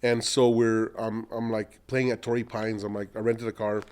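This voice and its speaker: A middle-aged man, an entrepreneur, telling long animated anecdotes in a podcast interview and acting out what other people said. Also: on the low side, normal speed, smooth. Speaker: entrepreneur guest.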